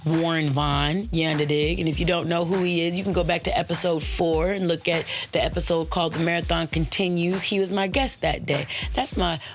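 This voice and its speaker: A woman hosting her own podcast, giving casual motivational talk in a playful, slangy way, with swooping high exclamations and web addresses spelled out letter by letter. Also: fairly even intonation, brisk, hardly any pauses, soft background music. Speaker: podcast host.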